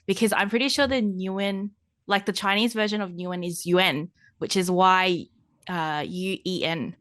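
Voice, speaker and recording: A woman's voice: fairly low pitch, fairly even intonation, measured pace, a bit bright, no room sound. Upbeat woman, dry close sound. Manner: upbeat, welcoming. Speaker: podcast co-host. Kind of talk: podcast chat.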